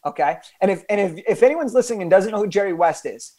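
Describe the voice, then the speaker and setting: A young man with a fairly high voice tells a story as a podcast guest. He talks with animated emphasis, often restarting his sentences as he builds the story. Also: fast.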